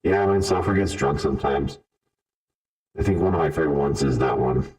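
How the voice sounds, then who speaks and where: A deep robotic machine voice. It drops extremely low and sounds set back from the mic, casual and offhand. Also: male voice, fairly quick, darkish tone, recorded from a distance, low-quality recording. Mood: playful. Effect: robot voice changer.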